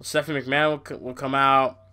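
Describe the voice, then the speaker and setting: Bright, animated young man ranting. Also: medium pitch, fairly quick, smooth. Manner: animated, exasperated ranting with swearing. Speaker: podcast host. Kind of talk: casual wrestling podcast rant.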